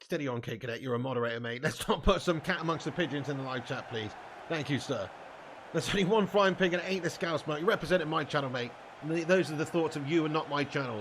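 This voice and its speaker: A man chatting through a live game stream, his voice sitting on the higher side. He jokes with viewers, reads their messages out and swears casually as he plays. A faint noise runs underneath. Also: a bit bright. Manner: banters with chat, reads out comments, swears casually.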